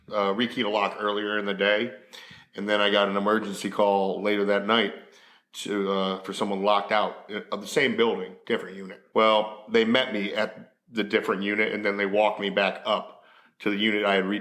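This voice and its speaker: A man, a locksmith guest, telling a job story at an unhurried pace with many pauses. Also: fairly low pitch, level tone, a bit bright. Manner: unhurried, halting, with fillers. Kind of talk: casual podcast storytelling. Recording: roomy echo.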